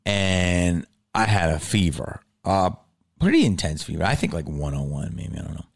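Man, podcast host, low-ish voice, very lively pitch, casual storytelling, swears, acts out reactions, lower-quality backup recording. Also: moderate pace, gravelly. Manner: animated, swears, acts out his own reactions.

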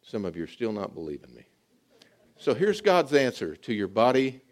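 A pastor preaching a sermon to a congregation, talking straight to them and getting them to join in. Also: male voice, fairly low pitch, big pitch swings, normal speed.

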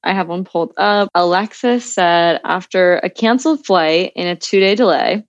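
A woman's voice: on the low side, moderate pace, dry recording, muffled recording. Upbeat woman co-host, dry close sound. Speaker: podcast co-host. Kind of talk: casual chat.

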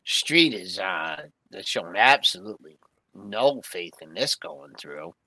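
A man co-hosting a casual stock market show, animated and full of exclamations. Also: low-pitched, a little slow, no echo, rough recording. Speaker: co-host.

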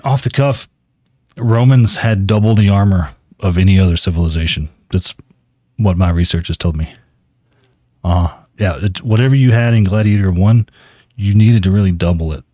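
A low-pitched man with a dark, mellow tone, holding a breezy, self-important phone call in a comedy skit. He stumbles through ums and restarts as he talks. The recording is dry and close. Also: dry recording. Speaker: podcast host doing a comedy phone skit.

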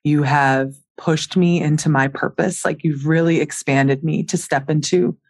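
A woman's voice: low-pitched, steady tone, a little slow. A woman hosting a podcast, talking in a heartfelt, effusive way with a friend. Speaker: podcast host. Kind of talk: casual chat.

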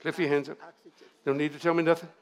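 An older man, preaching at a revival, moving from fervent shouted prayer to folksy storytelling. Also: fairly high pitch, level tone, fast. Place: church sanctuary.

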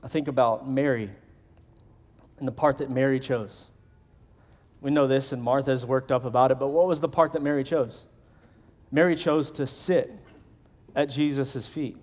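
A man's voice: medium pitch, steady tone, moderate pace, a little mellow. A male pastor preaching a sermon in a conversational way, acting out the voices of the people he quotes.

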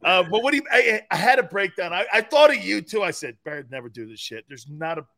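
A man co-hosting a casual sports talk show, telling profane stories and laughing loudly. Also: high voice, expressive, quick pace, vocal fry. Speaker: co-host. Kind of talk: casual sports radio chat.

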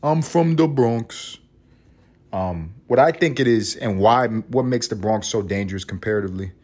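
A man's voice: fairly low pitch, breathy edge. A man hosting a podcast, talking in a rambling, profane, wry comedic monologue. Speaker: podcast host.

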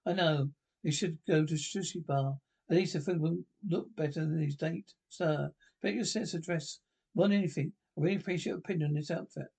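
Gravelly husky man reading a script. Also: a little high, fairly quick, darkish tone. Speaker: podcast reader. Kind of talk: reading a comedy TV script aloud, all parts.

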